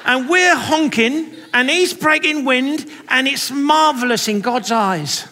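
A man voicing an earnest woman Sunday school teacher with a Cockney accent, speaking slowly and sincerely. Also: very high-pitched, sharp tone, long reverb tail, voice pushed up, heavily acted. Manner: slow, drawn-out, sincere.

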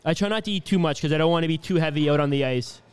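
A man in his twenties from Canada, answering interview questions in a relaxed, easygoing way with lots of fillers. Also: on the high side, very fast, clear, resonant tone. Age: 20s. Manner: easygoing, laughs often, many fillers. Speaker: hockey player being interviewed.

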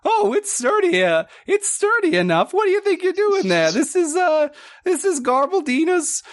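A man voicing a gruff, boastful female otter shipwright with thick glasses in a tabletop game, talking in a brash, crude way. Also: very high-pitched, big pitch swings, normal speed, pitched above the performer's own voice.

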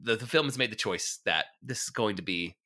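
A man's voice: fairly low pitch, a little fast, sharp tone. A man as a podcast guest, chatting thoughtfully with lots of ums and restarts. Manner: thoughtful, many fillers and restarts. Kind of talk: casual chat.

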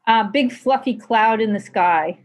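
A woman guest on a podcast who works as a professional cuddler, answering gently with hesitant fillers. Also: a little high, measured pace. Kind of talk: interview answers.

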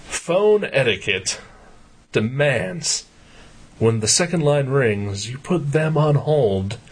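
A man co-hosting a podcast, telling a profane story in casual chat and getting loud as he retells his anger. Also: medium pitch, animated, slow pace, slight background noise. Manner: profane ranting anecdote, gets loud when retelling anger. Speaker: podcast co-host.

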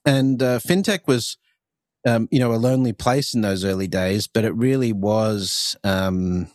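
A man with an Australian accent hosts a podcast in loose, halting conversation, peppered with ums and you-knows. His voice sits fairly low and sounds dry and close. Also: a little mellow, no echo. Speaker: podcast host.

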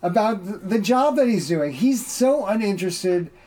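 Male podcast co-host, mellow slightly raised voice, exasperated emphatic ranting. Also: high voice, expressive, moderate pace. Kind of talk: casual political chat.

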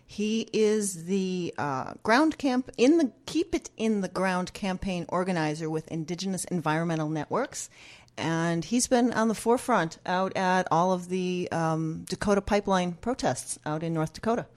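Upbeat low-voiced female co-host. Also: normal speed. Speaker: radio show co-host. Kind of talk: casual radio talk. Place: radio studio.

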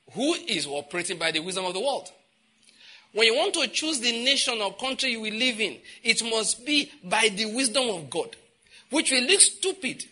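Nigerian male preacher, fairly high pitched, cutting, emphatic sermon delivery with repeated refrains. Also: husky. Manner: emphatic, repeating phrases, with sudden loud outbursts; slips into pidgin asides.

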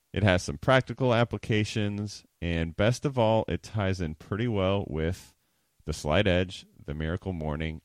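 Deep-voiced chatty podcast host man. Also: no room sound, clean studio sound. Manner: chatty and upbeat, laughs easily. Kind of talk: casual podcast monologue.

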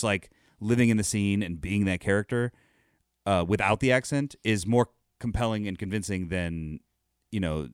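A man's voice: lowish voice, clean tone, dry recording, studio quality. A man co-hosting a podcast in casual chat, laid-back and often chuckling. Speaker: podcast co-host.

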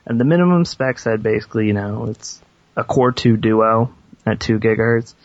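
Low-voiced, blunt young man chatting. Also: normal speed, dry recording. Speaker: podcast co-host. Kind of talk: casual chat. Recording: dull lo-fi sound.

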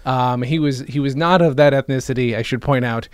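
A man in casual conversation, telling a long story and stopping often to qualify what he means. His voice sits in a middle pitch, and the recording is dry and close, with no room sound. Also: brisk, clear, resonant tone, no echo. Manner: rambling, self-qualifying storyteller. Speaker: podcast co-host. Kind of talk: casual chat.

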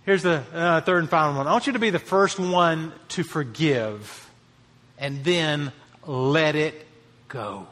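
A man's voice: on the high side, unhurried, fairly bright tone, big-room sound. A man preaching a sermon as a pastor, earnest, lifting his voice to stress key phrases.

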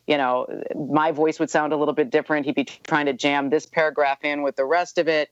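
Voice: medium pitch, little pitch movement, a little fast, no echo. Chatty guest author on dull, dry audio. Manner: chatty, full of "you know" fillers. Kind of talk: casual interview chat.

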